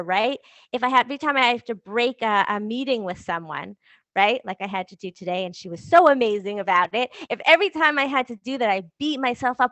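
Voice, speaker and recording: A woman's voice: fairly high pitch, fast talker, dry recording. Conversational woman coach, dry close sound. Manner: warm conversational, rhetorical questions, laughs lightly. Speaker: coach and podcast host. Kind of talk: motivational talk to listeners.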